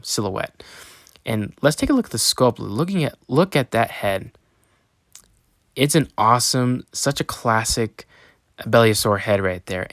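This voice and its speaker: A man's voice: mid-range voice, fairly bright tone, clean tone, dry recording, clean studio sound. A young man hosting his own channel, reviewing a toy in a casual, enthusiastic way with lots of ums and restarts.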